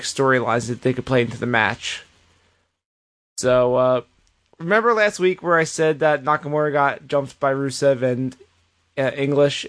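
A man co-hosting a podcast, giving an animated casual recap with plenty of swearing. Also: mid-range voice. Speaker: podcast co-host. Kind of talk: casual chat.

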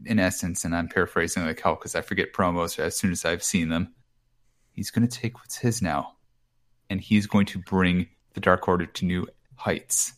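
A man's voice: low voice, steady tone, normal speed, fairly bright tone. A man casually recapping a show on a podcast, rambling and swearing freely as he paraphrases. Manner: rambling, profane, paraphrases promos. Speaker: podcast co-host. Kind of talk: casual wrestling recap chat.

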